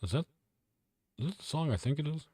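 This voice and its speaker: Young male streamer, low husky voice, dry close mic, casual and foul-mouthed, self-deprecating. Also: lively intonation, brisk, mellow, no echo. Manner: profane, offhand, self-mocking. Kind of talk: casual live-stream chat.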